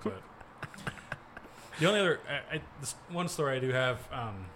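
A man's voice: medium pitch, expressive, normal speed. This is a young man telling stories in a loose, casual chat. He rambles, laughs a lot and swears offhandedly. A faint hiss of noise sits behind his voice. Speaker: podcast co-host.

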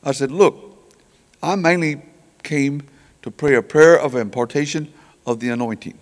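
An older man with a somewhat high voice preaches at a normal pace, telling revival stories in a folksy way. He stammers and repeats words while acting out the characters, and the church hall adds reverb.

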